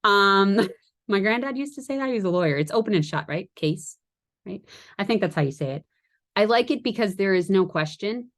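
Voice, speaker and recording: A woman giving a casual training talk to her sales team, chatty and quick to laugh at her own jokes and wander into asides. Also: mid-range voice, lively intonation.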